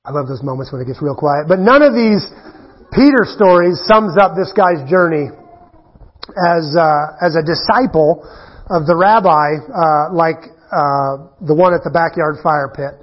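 A man preaching a sermon in a conversational, animated way, full of rhetorical questions. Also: a little high, measured pace, highs cut off. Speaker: pastor.

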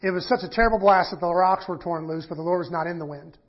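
A man's voice: sits high, fast. A man teaching a sermon in a conversational way, reading scripture aloud and breaking it down with fillers and restarts. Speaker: preacher. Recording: dull lo-fi sermon recording.

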